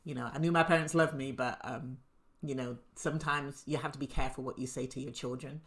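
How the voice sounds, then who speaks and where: A woman's voice: very deep voice, steady tone, brisk. A woman co-hosting a talk show, candidly telling a personal story with frequent laughs. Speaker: co-host. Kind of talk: casual chat.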